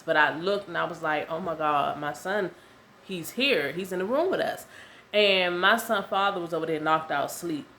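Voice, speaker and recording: Young woman, low voice, chatty storytelling, faint background noise. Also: bright, forceful tone. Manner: chatty, repeats herself, lots of "um" and "y'all". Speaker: vlogger. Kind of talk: casual storytelling to camera.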